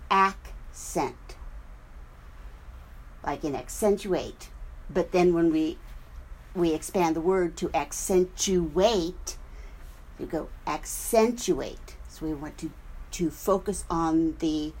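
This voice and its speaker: A woman minister giving a sermon at a spiritual center, explaining things deliberately and spelling out words as she goes. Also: on the low side, low-quality recording.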